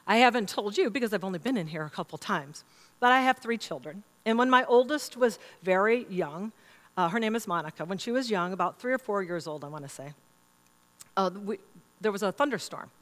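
A woman's voice: mid-range voice, a little fast. A middle-aged woman pastor giving a sermon, telling stories and acting out quoted voices as she preaches. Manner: storytelling, animated quoting of others. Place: church sanctuary. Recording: long reverb in a large hall.

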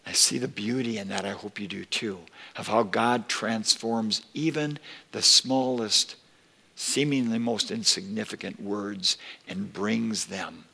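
A man preaching a sermon as pastor, slow and deliberate, rising with emphasis when quoting scripture. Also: lowish voice, fairly even intonation, creaky, pushed and bright, slightly rough, big-room sound. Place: church sanctuary.

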